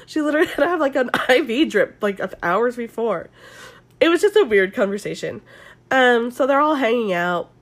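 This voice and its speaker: A woman's voice: on the high side, animated, moderate pace. A young woman with a Southern Californian accent, sick with the flu, recapping a reality show on her podcast in a chatty, swearing style full of likes and ums. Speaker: podcast host.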